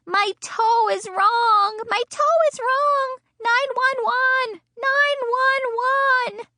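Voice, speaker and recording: Shrieking little Junie B. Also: female voice, sits high, sing-song, unhurried, sharp tone, pitched above the performer's own voice, exaggerated voice. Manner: shrieking, whiny and dramatic. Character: loud excitable little first-grade girl.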